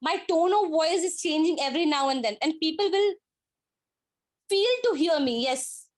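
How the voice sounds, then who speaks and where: A woman's voice: high voice, moderate pace. A woman with an Indian English accent giving a workshop presentation on speaking skills over a video call, in simple words, repeating her key points with emphasis.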